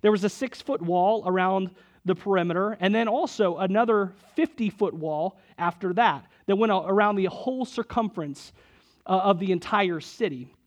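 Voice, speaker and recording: A young man preaching a sermon, telling a personal story and building to loud, emphatic moments. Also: high-pitched, moderate pace. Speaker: pastor.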